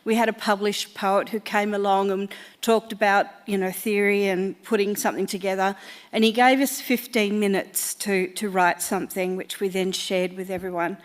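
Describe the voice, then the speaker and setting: A woman's voice: medium pitch, little pitch movement, normal speed. Older woman, chatty and hesitant. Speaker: poet reading her work. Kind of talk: casual stage talk before a reading.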